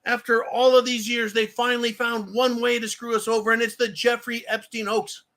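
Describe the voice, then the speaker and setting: A man's voice: extremely high pitch, little pitch movement, normal speed, a bit bright. A man delivering an angry, profane and sarcastic political rant as commentator.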